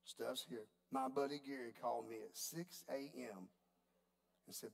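A man preaching a sermon, telling a story in a folksy, animated way. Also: mid-range voice, unhurried, vocal fry. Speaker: pastor.

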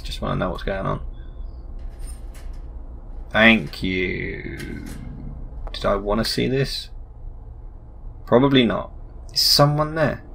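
A young gaming YouTuber does let's play commentary in a fairly low, creaky, slightly bright voice, with a little hiss or hum in the audio. He asks puzzled questions as he plays and reads the characters' lines aloud.

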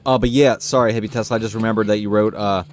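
A man's voice: fairly low pitch, fairly even intonation, racing. A man doing casual, rambling let's-play commentary, chatting with his viewers and mocking himself while he plays. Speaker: gaming streamer. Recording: noisy stream audio with game sounds.

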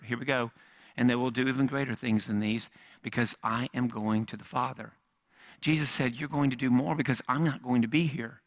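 A male pastor with a bright, forceful voice delivering a sermon. He tells the story dramatically, pushing hard on key lines and then dropping to a hushed near-whisper. His pitch sits in an ordinary middle range for a man.

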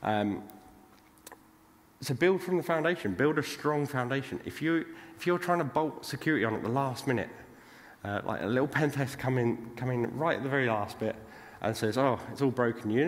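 A man's voice: medium pitch, animated, brisk. A British man giving a casual conference talk, chatty and forever checking in with "right?". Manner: chatty, tags lines with "right?". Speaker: conference speaker. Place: large conference hall. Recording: long hall reverb.

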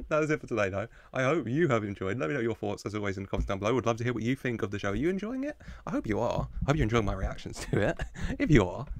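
A man's voice: lowish voice, creaky, dry recording. A man hosting a reaction video, chatting casually and laughing often as he gushes over the characters. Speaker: reaction channel host.

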